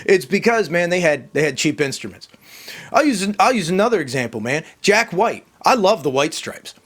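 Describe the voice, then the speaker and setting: A man's voice: sits high, very animated, moderate pace, a bit bright, slightly rough. Emphatic rambling man ranting. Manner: emphatic, rambling, repeats himself. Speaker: vlogger. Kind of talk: casual opinion rant to camera.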